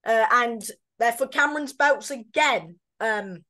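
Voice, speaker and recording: A woman with a fairly high voice chats casually as a boxing pundit. She talks loosely, with many fillers and restarts, and keeps correcting herself mid-sentence. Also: a little slow, sharp tone. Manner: chatty, hesitant, self-correcting. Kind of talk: casual fight predictions chat.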